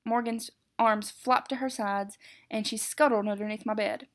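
A woman's voice: on the high side, normal speed. A woman teacher reading a picture book aloud. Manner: expressive, with some self-corrections.

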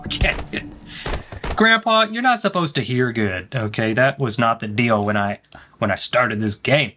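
A man's voice: mid-range voice, animated, moderate pace, fairly bright tone, faint music behind. A man doing let's play commentary on a horror game, joking with his chat and letting out sudden panicked yelps. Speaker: gaming streamer.

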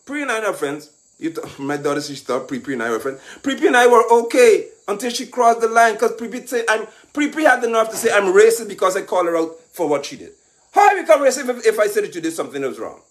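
Fiery high-pitched man lecturing. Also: very animated, fast talker. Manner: mocking, lecturing, rising to shouts. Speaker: political commentator. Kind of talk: impassioned political monologue.

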